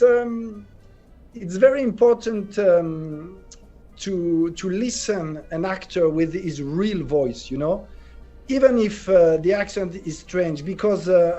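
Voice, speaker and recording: High-voiced French man, halting English. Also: mellow, highs cut off. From France. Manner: halting, searching for English words. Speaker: actor, interview guest. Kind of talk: casual interview answers.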